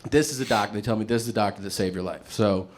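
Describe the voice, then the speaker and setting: A man's voice: fairly low pitch, racing. Man telling a wild stand-up story. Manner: animated, acts out the people in his story. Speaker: stand-up comedian. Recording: noisy played-back clip.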